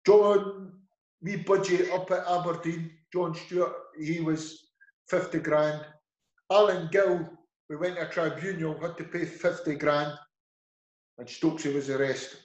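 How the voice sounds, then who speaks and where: A man's voice: fairly high pitch, steady tone, measured pace, dull audio. A middle-aged Scottish man with an Edinburgh accent, speaking in a slightly raised voice. He rambles through casual stories and slips into the voices of the people he quotes. The recording has an echoey room sound. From Scotland. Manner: rambling storyteller acting out quoted dialogue. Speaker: football manager, guest. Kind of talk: casual interview anecdotes.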